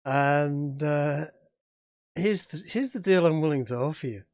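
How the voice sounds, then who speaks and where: A man putting on a sly, genial crossroads demon who haggles in a slow, folksy drawl, pitched a little above a plain talking voice. It comes through dry, dull, lo-fi voice-chat audio, close and without any room sound. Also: darkish tone, no echo. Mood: sly, bargaining. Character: scheming male crossroads demon, genial bargainer.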